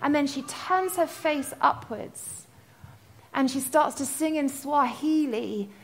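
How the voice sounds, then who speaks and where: Woman preacher, high voice, impassioned storytelling sermon, breaks into song. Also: takes it slowly. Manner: passionate storytelling, sings snatches of worship songs; builds to loud, impassioned proclaiming.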